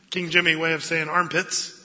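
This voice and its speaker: Male pastor, high bright voice, lively sermon with acted-out quotes, long hall echo, dull lo-fi sound. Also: unhurried. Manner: animated, acts out quotes in voices. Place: church sanctuary.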